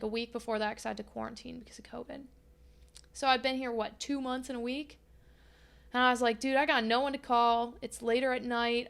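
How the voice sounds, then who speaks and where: A woman's voice: a little high, creaky, fairly bright tone, clean tone. A young adult woman hosting a podcast, candidly telling a personal story and acting out past conversations with frequent swearing. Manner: candid and profane, reenacting her own past dialogue. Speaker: podcast host.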